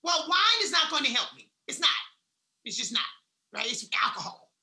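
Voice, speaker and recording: A woman giving a blunt, salty motivational talk, swinging between loud emphasis and hushed asides. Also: high-pitched, very animated, normal speed, reverberant. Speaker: wellness speaker.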